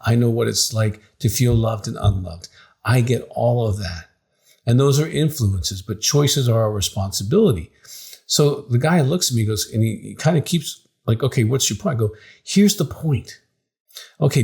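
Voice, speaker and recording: This is a middle-aged man, a psychologist, speaking to camera at an ordinary mid pitch. He tells his stories emphatically and animatedly, and jumps into the voices of the people he quotes to press his point. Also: normal speed, creaky, breathy edge. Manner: emphatic, animated storytelling with acted dialogue. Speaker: psychologist and counseling director. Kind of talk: direct-to-camera advice talk.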